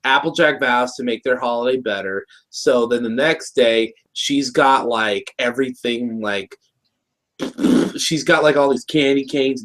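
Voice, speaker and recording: Rambling man recapping a cartoon episode. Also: mid-range voice. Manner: rambling, many restarts, laughs while talking. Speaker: show co-host. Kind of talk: casual episode recap chat.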